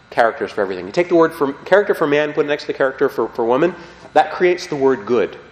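A man preaching a sermon with emphatic, animated delivery, often checking in with his listeners. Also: a little high. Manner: animated, emphatic, frequent "okay?" check-ins. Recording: roomy hall with long reverb.

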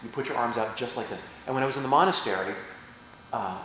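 A man's voice: medium pitch, fast talker, fairly bright tone, very echoey, big-room sound, slight background noise, poor audio. A man who is a priest, explaining parts of the Mass in a chatty teaching talk and often asking his listeners questions. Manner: chatty, asks the audience questions.

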